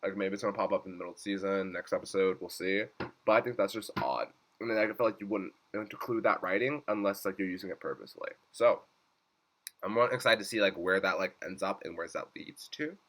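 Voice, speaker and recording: A man giving a casual episode recap, animated, swearing freely and breaking into laughter and squeals. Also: deep voice, quick pace. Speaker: YouTube reviewer.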